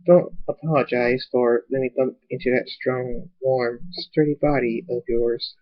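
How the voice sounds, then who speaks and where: Silverwave, a soft-spoken flirty pony stallion as a man puts him on. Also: mid-range voice, fairly even intonation, measured pace, highs cut off, close to an everyday voice. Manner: soft, teasing, seductive.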